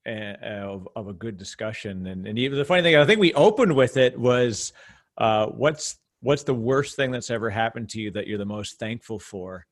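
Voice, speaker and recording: A man's voice: on the low side, animated, moderate pace. A man hosting a casual interview, talking in long rambling stretches with frequent restarts and laughs. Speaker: podcast host.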